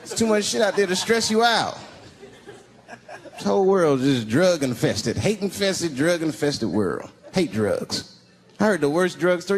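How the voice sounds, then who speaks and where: A man performing a stand-up comedy set on stage, telling stories that swing between loud punchlines and low asides. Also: slight background noise. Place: stage before a live audience. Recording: live stage mic with crowd laughter. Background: audience laughter.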